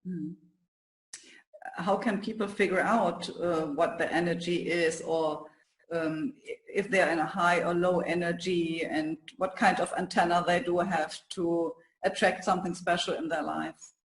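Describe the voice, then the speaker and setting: A man's voice: high-pitched, fairly even intonation, a little slow. A man hosting an interview and asking questions, speaking hesitantly with many fillers. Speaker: host, interviewer. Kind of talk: interview conversation. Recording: echoey room.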